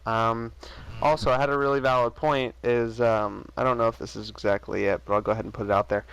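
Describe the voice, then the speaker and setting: A man's voice: mid-range voice, level tone, fast talker, gravelly, a bit bright, clean tone, no room sound, highs cut off. A man trolling in a voice chat argument, teasing in a mock-solemn, preachy manner. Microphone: voice chat microphone.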